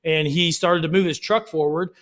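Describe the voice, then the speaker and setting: A podcast co-host in a casual chat tells animated stories, acting out quotes in raised voices. He speaks at normal speed with a fairly high pitch.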